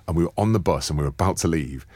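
A man's voice: very deep voice, racing, mellow, dry recording. A man from northern England, a former rugby player co-hosting a podcast and telling stories with a laugh. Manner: laughing storyteller, puts on voices. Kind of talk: casual chat.

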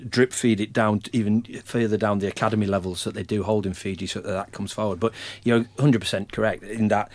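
A middle-aged man with a Northern English accent, talking as a guest about rugby coaching in a measured, plain-spoken way with frequent restarts. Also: on the low side, steady tone. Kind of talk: casual podcast chat.

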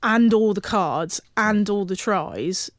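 A woman's voice: medium pitch, takes it slowly, no room sound, studio quality. A woman rugby referee talking casually on a podcast, retelling match incidents with lots of restarts. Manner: animated storytelling with many restarts.

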